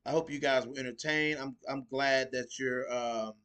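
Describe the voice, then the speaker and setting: A man's voice: medium pitch, steady tone, normal speed, fairly bright tone. A man hosting a casual podcast, talking in a laid-back, slangy way and laughing often. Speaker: podcast host.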